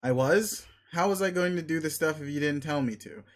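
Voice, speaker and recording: A man reading aloud as an earnest, easily flustered young fellow who peppers his talk with old-timey exclamations. The voice sits a little high and close to the reader's own. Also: a little fast, natural voice.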